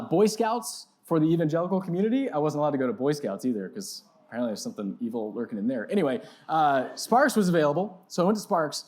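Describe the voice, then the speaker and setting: A man in his thirties delivering a sermon from a church stage, telling a funny story about himself. His voice leaps up high for comic moments and sinks low and soft when he turns serious. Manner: animated, self-mocking storyteller with big pitch swings. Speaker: pastor. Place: church sanctuary.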